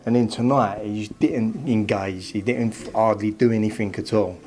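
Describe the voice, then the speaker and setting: Un entraîneur de boxe qui commente le combat en interview, en digressions hésitantes ponctuées de « vous voyez ». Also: male voice, lowish voice, fairly even intonation, moderate pace, darkish tone, slight background noise. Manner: rambling, many fillers. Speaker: boxing trainer. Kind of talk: post-fight analysis.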